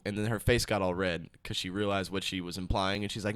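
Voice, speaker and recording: A young man co-hosting a casual podcast chat, telling animated stories and swearing freely. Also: lowish voice, fast, hardly any pauses, clean tone, dry recording. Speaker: podcast co-host.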